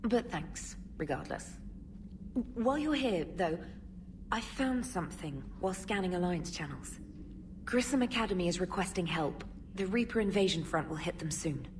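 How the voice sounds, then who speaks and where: An actress plays a brisk starship comms officer briefing her commander. The game audio sounds distant from the mic with a faint hiss. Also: lowish voice, expressive, lightly acted. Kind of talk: video game dialogue.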